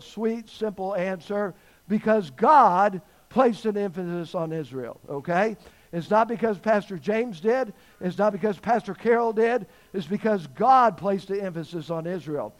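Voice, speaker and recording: High-voiced guy preaching a sermon, emphatic, keeps asking the church questions. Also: low-quality recording. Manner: emphatic, asks the congregation questions. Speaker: pastor.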